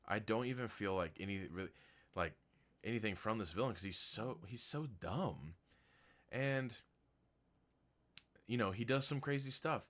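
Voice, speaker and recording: A man's voice: on the low side, expressive, a little slow, pauses often, fairly bright tone. A man reviewing a movie in a casual, chatty way. He talks bluntly, pads his sentences with "like" and "um", and is easily amused. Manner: loose and chatty, full of "like" and "um".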